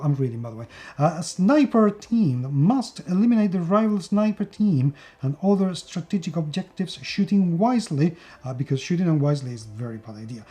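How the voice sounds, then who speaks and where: A man from Spain with a Spanish accent and a high, mellow voice chats enthusiastically during a casual board game unboxing video. His speech is full of fillers and restarts.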